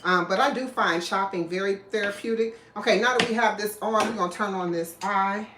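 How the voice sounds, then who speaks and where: A woman's voice: medium pitch, fairly quick. A chatty woman hosts a live cooking show from her kitchen. She rambles between chopping and greeting viewers. Her voice bounces around an echoey room with a faint hum of noise behind it. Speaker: cooking livestream host. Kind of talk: casual live cooking chat. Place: home kitchen.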